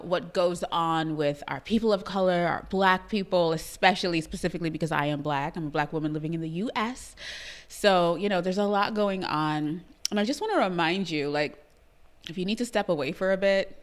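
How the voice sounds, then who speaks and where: A woman with a Trinidadian accent hosting a live-streamed talk show, bubbly, laughing often and greeting her viewers by name. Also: lowish voice. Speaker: livestream show host.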